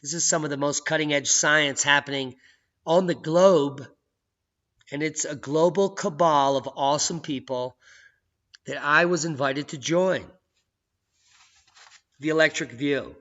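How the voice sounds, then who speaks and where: A man hosting his own video channel, talking in an excitable, jokey way that swings from loud outbursts to hushed asides. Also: fairly high pitch, a little slow, pauses often. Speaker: channel host. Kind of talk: casual video commentary. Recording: dull lo-fi sound.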